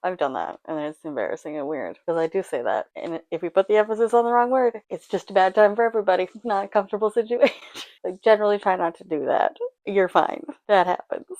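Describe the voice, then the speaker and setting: A woman's voice: medium pitch, fast, a little mellow, dry recording. A woman hosting a reaction video, talking casually with blunt, sarcastic remarks and frequent "like"s.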